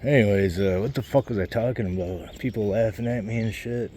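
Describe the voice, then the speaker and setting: A man's voice: lowish voice, fairly quick, mellow, a little hiss or hum. A man vlogging while he walks outdoors, rambling and swearing a lot, losing his train of thought and a little out of breath. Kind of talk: rambling casual vlog while walking outdoors. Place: outdoors on a walk, birds around.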